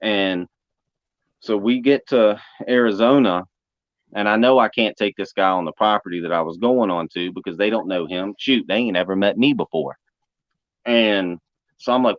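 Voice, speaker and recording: A man's voice: on the low side, normal speed, dry recording. A man telling a story in casual, folksy talk, often calling the listener man or brother. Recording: dull muffled sound.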